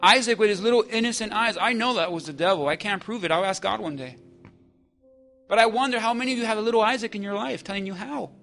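A man preaching a sermon, moving from hushed, slow passages to loud call-and-response with the congregation. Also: high-pitched, gravelly, soft background music. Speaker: pastor.

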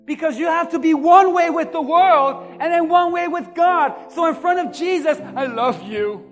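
A male pastor preaching a lively sermon, acting out quotes and shouting for emphasis. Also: extremely high pitch, moderate pace. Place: church. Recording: long hall reverb with music behind.

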